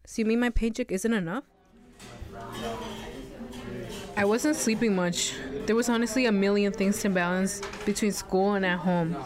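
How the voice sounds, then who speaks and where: A woman's voice: mid-range voice, fairly even intonation, a little fast, crowd noise, lightly acted. A young woman voicing an earnest, worried seventeen-year-old girl who also narrates. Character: seventeen-year-old Mexican-American girl, responsible and stressed. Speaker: narrator and lead.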